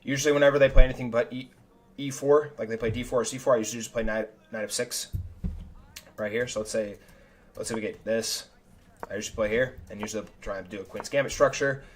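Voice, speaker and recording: A young man talks through his own chess games live, thinking aloud and restarting sentences as he goes. His delivery is casual and slangy and his pitch sits in the middle. He sounds like a streamer chatting to viewers. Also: fairly even intonation, quick pace, a little hiss or hum. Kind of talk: live game review commentary.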